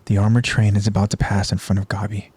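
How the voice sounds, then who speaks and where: Low-voiced man recapping a show. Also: quick pace, breathy edge. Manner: steady, descriptive storytelling. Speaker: podcast host. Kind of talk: retelling an anime episode scene by scene.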